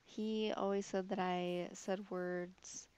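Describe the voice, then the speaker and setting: This vlogger is a young Michigan woman whose accent makes her short O sounds nasal. Casually addressing the camera, she rattles off run-together sentences stuffed with "like" fillers, in a mid-range, clean, slightly mellow voice with little pitch movement.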